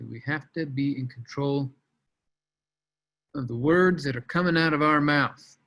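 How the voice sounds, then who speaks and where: A man leading a sales team on a video call, coaching in a casual, energetic way and calling out team members by name. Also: mid-range voice, rough recording. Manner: energetic, casual, shouts out names.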